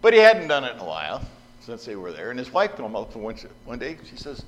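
A man preaching a storytelling sermon into a microphone, animated and acting out the voices in his stories. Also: mid-range voice, a little fast. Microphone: microphone at a lectern. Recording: reverberant hall with faint hum.

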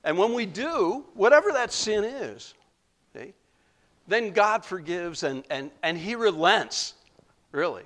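Animated male preacher delivering a sermon; lively, swooping delivery, unhurried. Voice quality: animated, acts out quoted voices with big pitch jumps. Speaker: pastor.

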